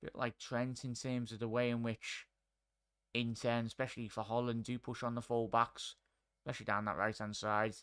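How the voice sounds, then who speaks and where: A man's voice: mid-range voice, level tone, moderate pace, fairly bright tone, clear, resonant tone. A man hosting a live football watchalong, chatting with viewers as he calls the play. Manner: chatty, addresses chat and viewers by name. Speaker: watchalong host.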